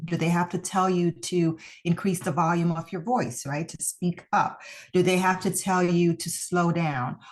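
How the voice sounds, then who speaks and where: A woman who founded a mock trial program, giving a recorded lesson in an encouraging, deliberate way and stressing key words. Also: low voice.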